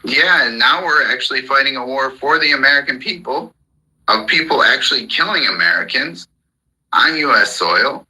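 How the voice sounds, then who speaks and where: Host of a live voice room, heated and profane, with a husky, sharp-edged tone. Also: male voice, mid-range voice, lively intonation, moderate pace, low-quality recording. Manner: heated, profane, repetitive ranting. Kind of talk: angry political rant. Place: call-in audio chat room.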